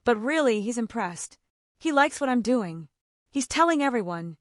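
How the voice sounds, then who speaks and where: A woman narrating a first-person story for English learners in simple, short sentences with clear delivery. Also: fairly high pitch, expressive, normal speed, no echo, clean studio sound. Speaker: narrator of a graded reader story.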